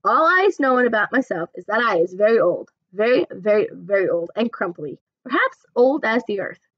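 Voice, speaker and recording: A woman's voice: mid-range voice, very animated, brisk, no room sound, muffled recording. A woman voicing a huge, kindly, very old male giant who mangles his grammar and invents words. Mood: earnest.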